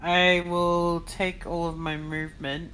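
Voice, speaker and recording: A man playing a tabletop game, describing his turn in a measured way. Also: a little high, level tone, pushed and bright, slight background noise, rough recording. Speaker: player. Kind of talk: casual tabletop play.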